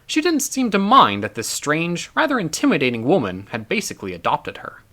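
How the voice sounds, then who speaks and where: Man reading a novel, animated. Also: fairly high pitch, brisk. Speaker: author reading his novel. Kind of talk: audiobook narration.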